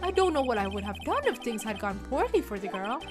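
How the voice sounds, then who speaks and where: A woman's voice: on the high side, very animated, over music. A woman voicing a fussy elderly male lawyer who rambles, hesitates and keeps saying "my boy". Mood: fretful. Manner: halting, nostalgic, calls others "my boy".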